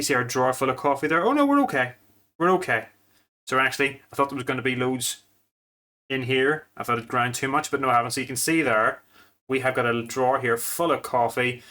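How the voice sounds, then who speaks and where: Male food vlogger, mid-pitched, chatty and self-mocking, talks to camera while cooking. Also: fairly even intonation, fast talker, pushed and bright. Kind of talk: casual home cooking demo.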